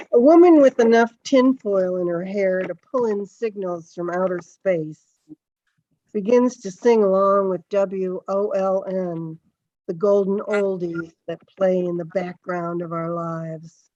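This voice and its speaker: Slow, low-voiced woman reading poetry. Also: a little mellow, dry recording. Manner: unhurried, conversational between poems. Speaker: poet reading at a literary event. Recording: dull, dry video call audio.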